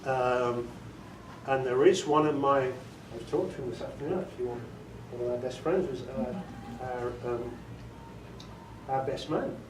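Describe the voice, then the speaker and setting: A British man speaks at medium pitch and normal speed in an informal workshop talk, acting as an audiobook director who chats, jokes and quizzes a small audience in a meeting room. The room echoes, he sits far from the mic, and there's faint noise.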